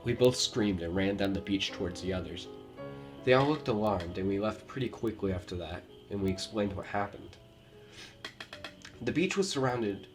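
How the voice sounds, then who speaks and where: Man with a Romanian accent, very low voice, reading horror stories, faint music underneath. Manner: steady storytelling reading with occasional slips. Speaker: horror story narrator. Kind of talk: reading true scary stories aloud. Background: faint background music.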